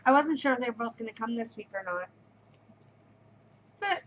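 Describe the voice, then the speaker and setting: A middle-aged woman with a fairly high voice chats casually as she shows off her yarn, gushing and repeating herself. The sound is a little muffled and dull, with faint room hiss behind her. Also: animated, normal speed, pauses often, a bit bright. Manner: gushing, effusive, repeats words. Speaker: knitting podcast host. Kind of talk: casual show-and-tell chat.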